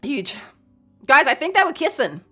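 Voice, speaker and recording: A woman's voice: sits high, sing-song, moderate pace, pushed and bright, faint music behind. A woman streaming a game, chatting playfully, laughing often and reading in-game letters aloud. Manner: playful, giggly, reads letters aloud with joking asides. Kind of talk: casual game let's play.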